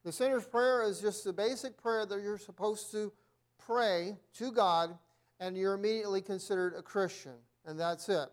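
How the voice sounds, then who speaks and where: A man teaching a church Bible lesson, clearing his throat often and reading from his notes. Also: high voice, moderate pace. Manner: frequent throat clearing, reads aloud from notes.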